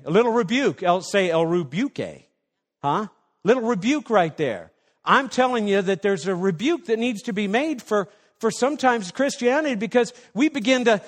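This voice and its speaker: A man's voice: high-pitched, expressive, normal speed, big-room sound. A man preaching a sermon as a pastor, emphatic and firing rhetorical questions at the congregation.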